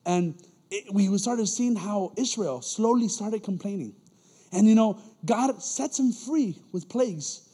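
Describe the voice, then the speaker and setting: A man preaching a casual, animated sermon in a church as an elder, using slang and acting out quoted voices. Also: high voice, measured pace, husky, long reverb tail.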